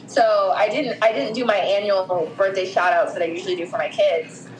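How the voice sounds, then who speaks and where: A woman's voice: medium pitch, fairly even intonation, normal speed, roomy sound, soft background music, poor audio. A woman co-hosting a casual podcast chat, blunt and swearing freely. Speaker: co-host.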